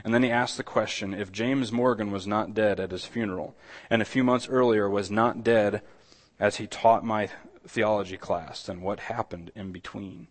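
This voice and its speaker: A man's voice: on the low side, fairly even intonation, moderate pace. Man preaching a conversational sermon. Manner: conversational, repeats words and restarts, swells louder on key points. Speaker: pastor.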